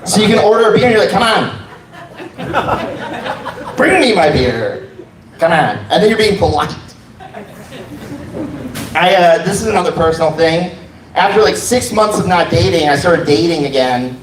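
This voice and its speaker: A man's voice: high voice, a little fast. A man telling personal stories in a stand-up set, wry and laid-back. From United States. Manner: wry, laid-back storytelling with quoted asides. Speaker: stand-up comedian. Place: comedy club stage. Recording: roomy live sound from a distance.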